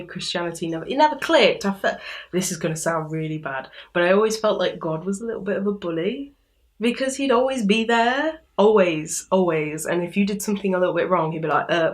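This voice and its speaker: A woman's voice: lowish voice, a little fast. A young woman from England chatting in an interview, laughing often and acting out quoted thoughts as she talks. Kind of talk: casual chat.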